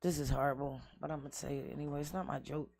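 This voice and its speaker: A woman hosting an internet radio show, telling dark jokes deadpan in casual chat. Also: sits low, rapid-fire, gravelly. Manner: deadpan joke delivery, laughs at own jokes. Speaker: host.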